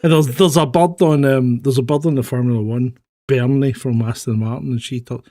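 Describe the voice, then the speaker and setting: A man's voice: mid-range voice, fairly even intonation, brisk, mellow, dry recording, clean studio sound. A man co-hosting a casual chat show from Britain, talking bluntly and swearing freely. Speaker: co-host.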